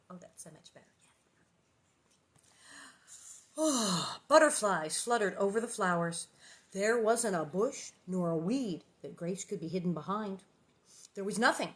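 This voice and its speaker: Woman, casual storyteller, bright and punchy tone, rambling asides between read passages. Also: medium pitch. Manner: chatty, rambling, playful asides. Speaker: actress reading a children's novel aloud. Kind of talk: casual chat and reading aloud.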